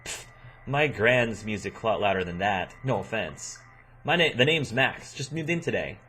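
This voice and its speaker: A brash, boastful young rocker guy, read by a man in his own voice, swinging his pitch around with swagger. Faint music plays behind. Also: lively intonation, moderate pace, pushed and bright, a little hiss or hum. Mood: cocky. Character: cocky young male rocker.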